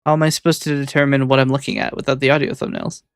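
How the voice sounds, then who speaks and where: Gravelly-voiced man muttering while he edits. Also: medium pitch, racing, dry recording. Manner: muttering commentary to himself, mildly exasperated. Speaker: VTuber editing his own clips. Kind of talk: casual talk while video editing.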